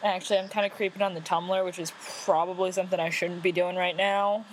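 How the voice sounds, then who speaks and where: A woman's voice: lowish voice, flat delivery, fast, slight background noise, rough recording. A young woman co-hosting a podcast, chatting casually and rambling with fillers and self-aware asides. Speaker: podcast co-host. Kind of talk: casual chat.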